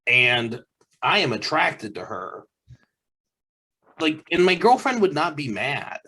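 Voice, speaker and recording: A podcast co-host man arguing his opinion with plenty of emphasis. His voice sits slightly high and swings widely in pitch as he presses each point. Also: very animated, slow pace, sharp tone, breathy edge. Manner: emphatic, argumentative. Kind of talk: opinionated casual chat.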